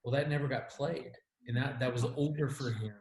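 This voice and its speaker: A middle-aged man speaking as a marriage expert guest in a relaxed interview, animated, with frequent restarts. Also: medium pitch, brisk. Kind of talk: conversational interview. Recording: roomy echo.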